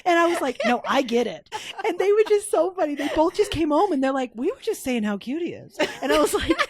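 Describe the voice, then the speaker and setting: A woman co-hosting a casual podcast chat, an animated storyteller who laughs often. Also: high-pitched, a little hiss or hum. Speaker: podcast co-host.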